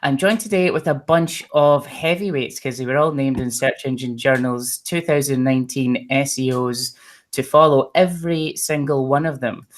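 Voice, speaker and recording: A man's voice: medium pitch, fairly even intonation, normal speed. A man hosting a webinar, introducing his panel guests in a casual way and teasing them with jokes. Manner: joking, teasing. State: energetic from caffeine. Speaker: webinar host.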